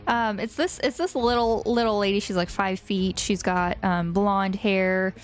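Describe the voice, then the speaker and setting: A woman's voice: medium pitch, steady tone, unhurried. A woman narrating as game master, casually describing a scene with many fillers.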